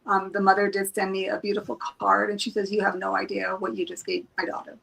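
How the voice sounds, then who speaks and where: A woman's voice: mid-range voice, monotone, quick pace, vocal fry, a bit bright, low-quality recording. A woman, a psychic reader guest, retelling a personal experience in a casual, emotional way, with many restarts and acted-out quotes. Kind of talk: casual storytelling on a live stream.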